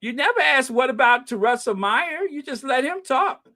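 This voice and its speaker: A woman hosting a live commentary stream, ranting in an animated, heckling way and laughing often. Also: high voice, moderate pace. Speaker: channel host.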